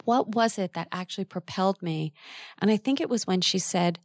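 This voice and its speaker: A middle-aged woman recounts her own career in an interview, candid and lively, tossing in quick asides as she goes. Her voice sits a little low for a woman, and the recording is close and dry with no room sound. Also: gravelly, dry recording. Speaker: textile designer and author. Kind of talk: personal storytelling in an interview.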